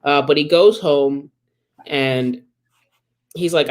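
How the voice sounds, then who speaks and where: A man's voice: a little high, slow, pauses often, clear, resonant tone. A man co-hosting a podcast, casually recapping a comic book plot with many ums and acted-out quotes. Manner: rambling retelling with many ums and quoted asides. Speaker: podcast co-host.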